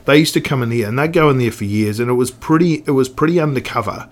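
A middle-aged man with a New Zealand accent, a snowboard industry veteran, is a guest telling stories in a casual podcast chat. He talks fast at a medium pitch, rambling with lots of restarts and fillers.

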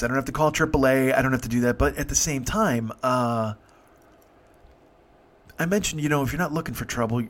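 Profane fifty-something man telling a story. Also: mid-range voice. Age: 50s. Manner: profane, halting, animated. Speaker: podcast host. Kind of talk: casual storytelling.

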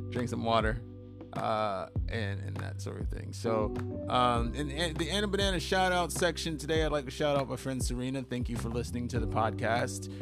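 A man's voice: mid-range voice, creaky. A man hosting a solo podcast. He talks bluntly, swears freely, and rambles with restarts and fillers. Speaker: podcast host.

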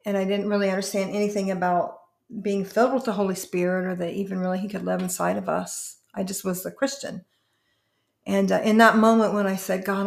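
A woman pastor telling her personal testimony in an interview, earnest and emotional, often halting and restarting. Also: mid-range voice, creaky, roomy sound.

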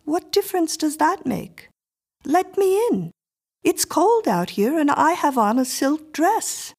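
A woman doing a creepy calm little girl in a storybook, prim and pushy, higher and slow. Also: full character voice. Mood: cool. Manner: prim, flat and insistent. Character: eerie, composed little girl, cool and demanding.

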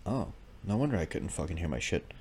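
A man co-hosting a podcast, trading deadpan, profane jokes and laughing in casual crude banter. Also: low voice, fast, creaky, slightly rough. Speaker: podcast co-host. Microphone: studio microphone with headphones.

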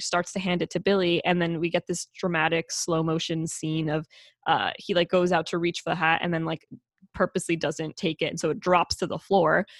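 A woman with a somewhat low voice chats casually on a podcast, retelling a story and jumping up high to act out the characters. Her delivery is animated and loose, with casual swearing. The sound is dry and close. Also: no echo. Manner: animated, acts out characters with big pitch jumps, swears casually. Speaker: podcast co-host. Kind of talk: casual chat recapping a film.

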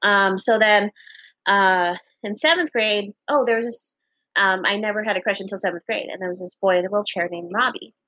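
Telling a story to her viewers, a young woman keeps it chatty, laughs a lot, swears casually, and voices other people's lines with dramatic leaps in pitch. Her delivery is pushed and bright, and there's no room sound. Audio quality is poor.

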